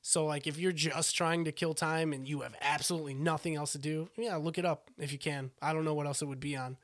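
A young man co-hosts a podcast in a slightly high voice. He rambles along casually, stops often, and restarts his sentences. His delivery is loose and unpolished. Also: steady tone, fairly quick, fairly bright tone, no echo, studio quality. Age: young adult. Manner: rambling, hesitant, full of restarts. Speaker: podcast co-host. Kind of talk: casual chat.

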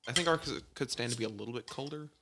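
A man's voice: medium pitch, rapid-fire, background noise. A man co-hosting a casual beer-tasting podcast, joking and making dry remarks. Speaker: podcast co-host.

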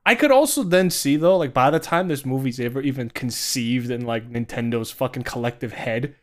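A man's voice: mid-range voice, expressive, fairly quick. A man co-hosting a casual podcast, laid-back and giggly, swearing freely. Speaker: podcast co-host. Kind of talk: casual chat.

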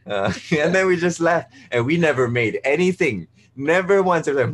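A man's voice: a little high, sing-song, moderate pace, few pauses, a bit bright. A man, telling his personal story openly, often restarting and swearing casually. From Malaysia. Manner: open, emotional, many restarts, swears casually. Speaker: guest.

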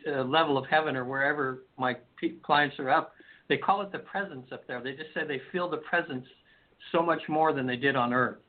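A male hypnotherapist, guesting on a call-in radio show, speaks a little fast in a mid-range voice over a phone-like lo-fi line. He tells stories in a rambling way, restarting often.

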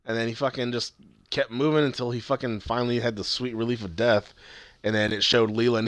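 A man's voice: medium pitch, fast, a bit bright, no echo. A man co-hosting a casual podcast, recapping a TV episode with lots of swearing and acted-out quotes. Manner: swears often, retells scenes in acted quotes. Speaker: podcast co-host.

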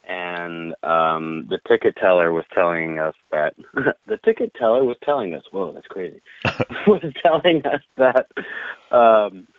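A man telling an animated, profane anecdote in casual conversation, laughing often. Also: low voice, unhurried, no room sound. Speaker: guest. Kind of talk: casual storytelling. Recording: tinny phone-like line.

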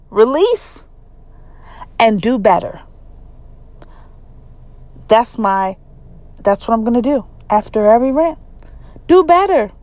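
A middle-aged woman talking casually to her viewers in a vlog, chatty and emphatic, with sudden jumps in pitch. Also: dry recording. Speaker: vlogger.

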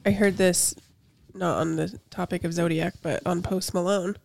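A woman's voice: fairly low pitch, steady tone, normal speed, vocal fry, darkish tone. A woman in her thirties co-hosting a casual podcast, telling rambling stories full of fillers. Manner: rambling storyteller, many "like" fillers. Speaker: podcast co-host. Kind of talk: casual chat.

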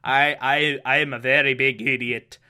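A man's voice: sits high, expressive, takes it slowly, sharp tone, full character voice. A man voicing a blustering middle-aged police chief in a botched Irish accent that drifts toward Scottish. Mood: sheepish.

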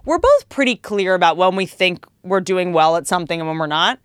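A woman in her thirties hosting a podcast, chatting casually with quick, teasing remarks. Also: lowish voice, animated, clean tone, no echo, studio quality. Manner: quick, witty, teasing interjections. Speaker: podcast host.

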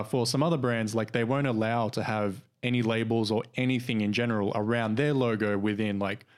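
Rambling young man, casual podcast chat. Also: medium pitch. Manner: rambling, many fillers and restarts. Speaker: podcast co-host.

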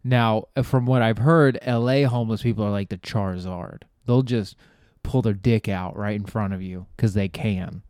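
Male podcast host, casual storyteller, swears freely, clear and resonant tone. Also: lowish voice, steady tone, moderate pace, a little mellow, dry recording, clean studio sound. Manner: rambling, profane, trails off and restarts; laughs at his own jokes.

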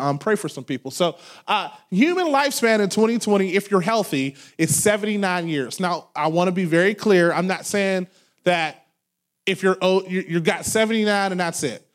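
A man in his thirties, a pastor preaching a sermon, loud and animated as he tells stories with laughs. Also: sits high. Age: 30s. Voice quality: loud talker. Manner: animated storytelling with laughs and acted quotes. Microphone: handheld microphone held away from mouth.

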